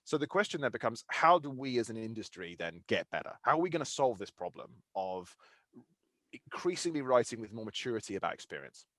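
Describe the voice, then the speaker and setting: A man's voice: mid-range voice, very animated, brisk, a bit bright, no echo. A man hosting a podcast interview, talking in a thoughtful, analytical way with frequent restarts. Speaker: podcast host. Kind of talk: casual conversational interview.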